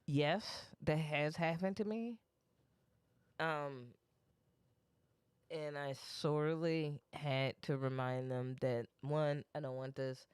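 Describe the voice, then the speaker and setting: Blunt deadpan co-host for casual comedic chat, clean smooth tone, middle pitch. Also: slow pace, pauses often, no echo. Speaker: podcast co-host.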